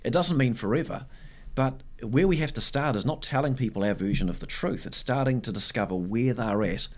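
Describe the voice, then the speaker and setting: A man's voice: medium pitch, fairly quick. A man answering as a guest in a podcast interview, explaining earnestly in a teaching tone and repeating words as he thinks. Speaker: evangelism ministry guest.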